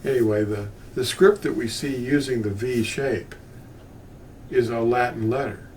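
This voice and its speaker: Older man, bible teacher, unhurried, rambling asides, distant mic, faint room noise. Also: medium pitch, a little mellow. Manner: meandering, with frequent restarts and asides. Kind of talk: unscripted teaching talk.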